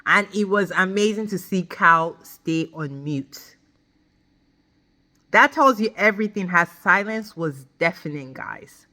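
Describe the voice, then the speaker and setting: Bright-voiced woman ranting about reality TV. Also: on the low side, measured pace. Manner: emphatic, animated, addresses viewers directly; blunt, swears freely. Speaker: reality TV reviewer. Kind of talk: ranting reality-show recap.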